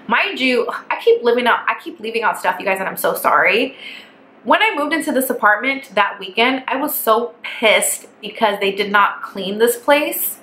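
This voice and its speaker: A young woman telling a casual storytime vlog, animated and profane, exasperated as she recounts her ordeal. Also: fairly high pitch, normal speed. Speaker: vlogger. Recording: echoey room with faint background hiss.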